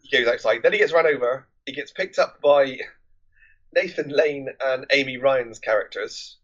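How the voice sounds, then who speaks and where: A man's voice: medium pitch, moderate pace, fairly bright tone, lo-fi sound. A man hosting a film podcast, recapping a movie plot in a loose, rambling, conversational way.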